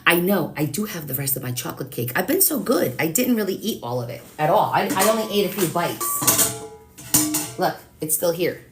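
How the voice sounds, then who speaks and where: Low-voiced chatty woman painting live. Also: sing-song, brisk, hardly any pauses, soft background music. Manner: chatty, self-teasing, thinks aloud while painting. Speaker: live-stream craft host. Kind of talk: casual live watercolor painting chat.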